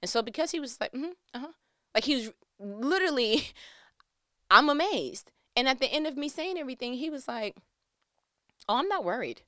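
A middle-aged woman casually telling a personal story, animated and faith-filled, dropping to a hush and rising to emphatic peaks. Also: sits high, brisk, no room sound, studio quality. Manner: animated, swings from hushed to loud and emphatic.

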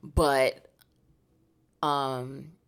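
Very deep-voiced woman, casual podcast host. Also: flat delivery, very slow, clear, resonant tone. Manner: frank, laughs easily, fills with "you know". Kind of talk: casual chat.

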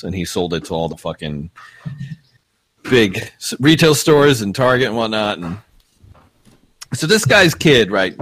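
A man's voice: lowish voice, fairly bright tone. A young man from Minnesota, rambling through a profane story in casual chat.

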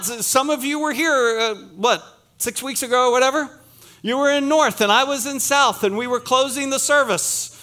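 Middle-aged pastor guy from pennsylvania, highish voice, chatty sermon full of jokes on himself. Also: sharp tone. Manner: chatty, self-deprecating, jokes with the congregation. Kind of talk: sermon with humorous asides. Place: church sanctuary.

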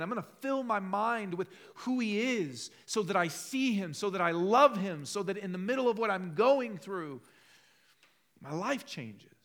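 Male pastor, high-pitched, passionate sermon delivery with big dynamic swings. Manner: passionate, rises to loud emphatic peaks then drops low and conversational.

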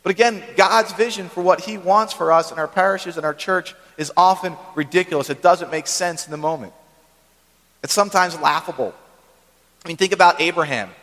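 A male pastor delivers a sermon in a relaxed, conversational way, often turning to the congregation with short asides. His voice sits slightly high for a man. The sound carries a long reverb from a large church hall. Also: fairly quick. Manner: conversational preaching with frequent "right?" asides.

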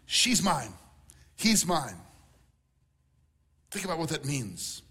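A man's voice: a little high, sing-song, slow, sharp tone, husky. A middle-aged man preaching a sermon as pastor, earnest and repeating key words for emphasis.

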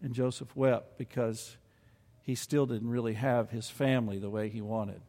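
A man's voice: medium pitch, steady tone, moderate pace, warm tone, long reverb tail. A man preaching a sermon and reading scripture aloud, earnest and building to emphatic peaks.

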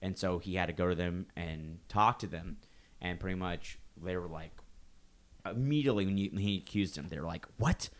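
A man chatting casually with friends, telling animated stories and swearing freely. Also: deep voice, fairly quick. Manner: animated storytelling with frequent swearing. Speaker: retail worker.

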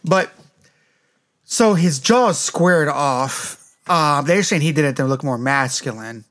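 A man's voice: on the high side, lively intonation, a bit bright. A man chatting casually about a movie as a podcast co-host, rambling and swearing freely. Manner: rambling, profane, fast and eager. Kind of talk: casual movie review chat.

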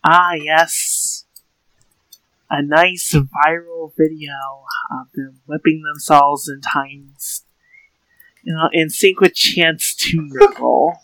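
A man's voice: on the high side, fairly even intonation, slow pace, pushed and bright, no echo, rough recording. A man from Florida co-hosting a podcast, sardonic and swearing freely in casual comedic chat. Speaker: podcast co-host.

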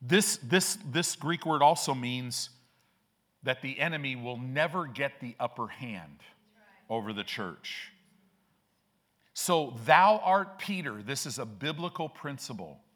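Animated preacher acting out stories. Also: male voice, medium pitch, takes it slowly. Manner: animated, acts out quoted characters with shifting voice; conversational, slangy storytelling. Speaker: pastor. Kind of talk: sermon. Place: church sanctuary.

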